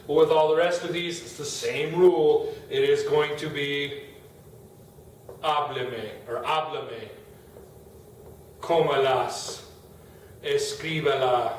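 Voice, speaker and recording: Man, middle-aged, Spanish teacher, casual classroom talk, slightly high voice, echoey room. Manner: casual, talks while writing on a board. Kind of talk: classroom grammar explanation. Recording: echoey room, far from the mic, faint noise.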